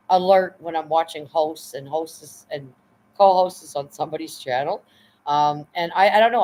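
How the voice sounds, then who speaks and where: A woman's voice: low voice, a little hiss or hum, rough recording. Blunt, profane woman live-streaming. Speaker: livestream host. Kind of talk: casual live-stream chat.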